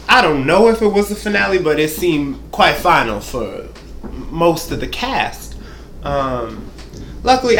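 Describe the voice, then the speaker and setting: A sassy man rambles through a comedic TV recap in a high, swooping voice, cursing freely and calling out to the viewer. His voice rings in a roomy space with faint background hum. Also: a bit bright.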